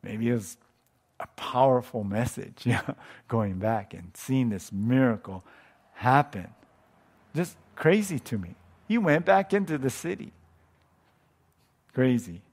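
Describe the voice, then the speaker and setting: A pastor giving a casual, conversational sermon, thinking aloud and often chuckling. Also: male voice, medium pitch, lively intonation, takes it slowly, pauses often, a little mellow, breathy edge.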